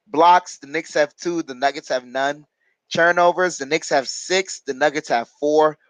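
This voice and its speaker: The recording is rough, with no echo, as a man speaks a little slowly in a voice on the high side with a fairly bright tone. He's hosting a live basketball watch-along, casually reading chat comments aloud and replying in a chatty, hesitant way full of fillers.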